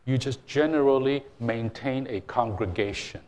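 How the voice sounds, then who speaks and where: A man's voice: mid-range voice, moderate pace, a little mellow. An older man, a church minister, giving an informal sermon full of self-deprecating stories, with frequent fillers and restarts.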